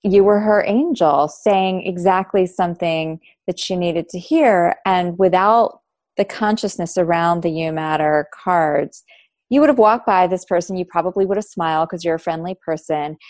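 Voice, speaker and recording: A woman's voice: fairly low pitch, normal speed, darkish tone, no room sound. Affirming woman host, dry close sound. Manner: reflective, affirming, enthusiastic. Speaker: podcast host. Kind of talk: conversational interview.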